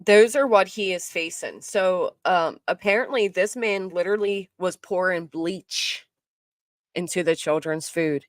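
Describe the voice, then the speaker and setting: A woman doing live-stream commentary, reacting with outrage and loud exclamations, then dropping to muttering. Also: on the low side, a little slow, no room sound, studio quality. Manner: outraged, exclaiming, swings between shouting and muttering.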